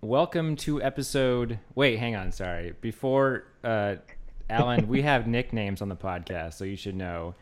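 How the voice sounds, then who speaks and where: Low-voiced man hosting a casual podcast. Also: unhurried. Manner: relaxed, joking, stumbles over plugs. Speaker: podcast host.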